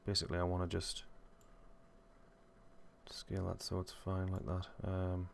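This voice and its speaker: Deep, flat-voiced man thinking aloud. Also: normal speed, vocal fry, a little hiss or hum. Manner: rambling, self-correcting, thinking aloud. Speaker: software tutorial host. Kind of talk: casual screen-recorded tutorial.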